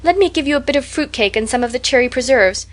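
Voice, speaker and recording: A woman's voice: high voice, animated, fast talker, pitched above the performer's own voice. Woman reading as Anne Shirley, gushing orphan girl. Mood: pleading. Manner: breathless, dramatic storytelling. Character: talkative imaginative young orphan girl.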